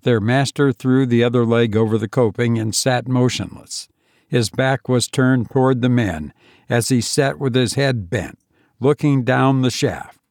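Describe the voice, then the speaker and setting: Slow gravelly male storyteller. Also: mid-range voice, a little mellow, no room sound, clean studio sound. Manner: slow, measured reading. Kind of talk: scripted narration.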